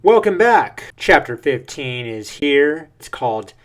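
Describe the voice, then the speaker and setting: A man hosting a casual manga reaction, talking excitably with frequent fillers as he reads through pages. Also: on the high side, takes it slowly, a little hiss or hum. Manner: excitable, hyped, lots of uh fillers.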